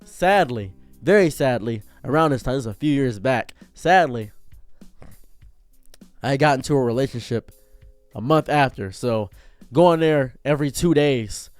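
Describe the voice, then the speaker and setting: A man telling a long casual story as a commentary streamer, acting out the dialogue, jumping from loud outbursts to low mutters. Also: lively intonation, measured pace, dry recording, soft background music. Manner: acts out dialogue in his telling.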